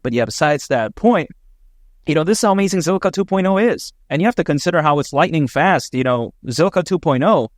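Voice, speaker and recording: In a dry, studio-quality recording, a man with a slightly high voice hosts an opinionated crypto commentary video. His delivery is casual, enthusiastic and chatty, packed with filler words.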